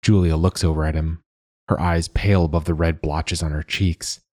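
Male audiobook narrator, very deep, husky, dry close mic. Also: fairly even intonation, moderate pace, a little mellow, no echo.

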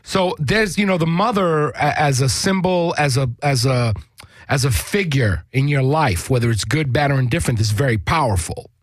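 A man's voice: mid-range voice, normal speed, no room sound. A man co-hosting a podcast, swearing often and rambling through casual chat with many restarts. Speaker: podcast co-host.

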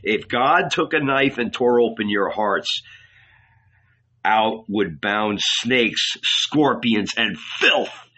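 A man's voice: fairly low pitch, animated, takes it slowly, bright, forceful tone, lo-fi sound, heavily acted. A man reading an audiobook, voicing a defiant preacher who speaks firmly and with sarcasm. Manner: firm, weighty, at times sarcastic. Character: defiant male preacher, fiery and mocking.

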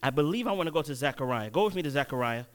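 A man preaching a sermon, telling a personal story and swinging between loud and hushed delivery. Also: on the high side, animated, very fast, clean tone.

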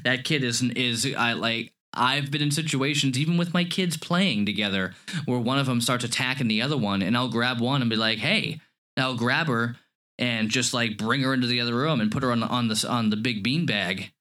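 A man in his thirties co-hosting a casual movie review podcast, telling stories with animated energy and frequent laughs. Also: mid-range voice, moderate pace. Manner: animated storytelling, laughs often. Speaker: podcast co-host. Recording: lo-fi podcast audio.

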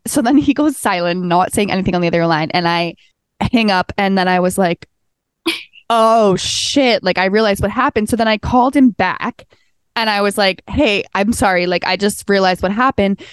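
A woman's voice: medium pitch, brisk, clean tone, no echo, clean studio sound. A young woman co-hosting a podcast, telling a story in a casual chat, acting out quotes and swearing freely. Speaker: podcast co-host.

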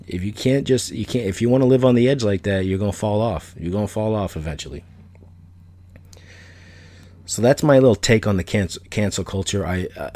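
A man's voice: deep voice, darkish tone. A middle-aged man hosting a solo podcast, talking casually in a blunt, opinionated, rambling way that repeats itself. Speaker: podcast host.

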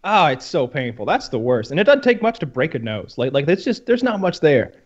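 A man's voice: on the high side, big pitch swings, brisk, dull audio. A man in casual chat who reacts emphatically and chimes in often.

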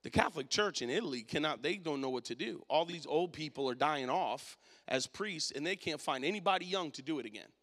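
Forceful preacher man in a reverberant hall. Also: on the high side, animated, a little fast, hardly any pauses. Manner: storytelling, swings from quiet to loud. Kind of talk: sermon with personal story.

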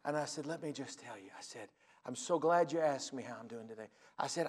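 A man, a pastor telling folksy stories in a sermon and acting out phone calls, building to loud preaching. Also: medium pitch, a little fast, breathy edge, long reverb tail. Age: 40s.

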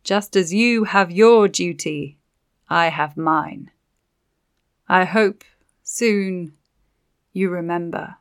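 A woman's voice: lowish voice, extremely slow, long pauses, clear, resonant tone. A woman voicing a vengeful ancient witch. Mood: sorrowful. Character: vengeful ancient female witch spirit, sorrowful. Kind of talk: audiobook character voice.

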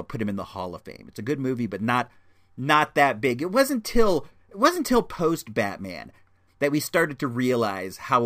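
A man's voice: a little high, fairly bright tone. A man reviewing a movie in a casual, chatty way, rambling with many restarts. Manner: enthusiastic, chatty.

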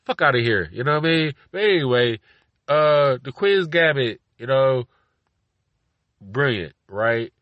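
A man's voice: medium pitch, lively intonation, a little slow, no room sound, muffled recording. A man hosting a podcast from his car, rambling casually and profanely, constantly asking "you know what I'm saying". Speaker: podcast host.

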